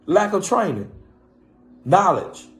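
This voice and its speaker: A man's voice: sits high, sing-song, takes it slowly, a bit bright, soft background music. A man, a pastor, talking passionately to his live-stream viewers, repeatedly calling out to his listeners.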